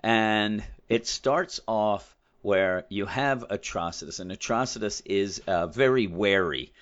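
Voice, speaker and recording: A man co-hosting a casual podcast about comics, talking in an animated way and sometimes acting out lines from characters. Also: on the low side, slow. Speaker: podcast co-host. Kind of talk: casual comic book discussion. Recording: dull lo-fi sound.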